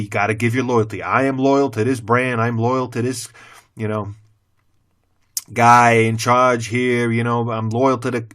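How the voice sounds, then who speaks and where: A middle-aged man, a former teacher, delivering a blunt, profane opinion rant to the camera with heavy cursing and sudden loud swings into mockery. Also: medium pitch. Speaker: former teacher turned channel host.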